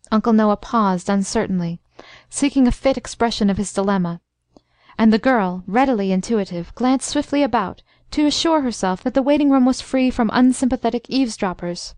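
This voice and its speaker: A woman narrating a classic story in a steady, even storytelling voice. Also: fairly high pitch, fairly quick, no room sound, studio quality. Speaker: audiobook narrator.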